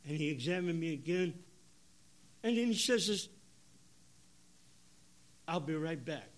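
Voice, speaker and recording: An older man delivers a sermon testimony. He swings between loud, emotional bursts and hushed, quiet lines, in a slightly high voice. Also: expressive, measured pace, pauses often. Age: 70s. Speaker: preacher.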